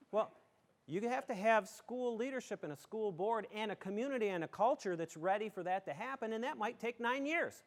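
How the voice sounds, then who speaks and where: A middle-aged man from western New York speaks in a rather high voice. He gives a folksy talk to a community audience, joking and emphatic as he makes his points. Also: animated, normal speed. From southern tier of western New York. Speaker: school superintendent.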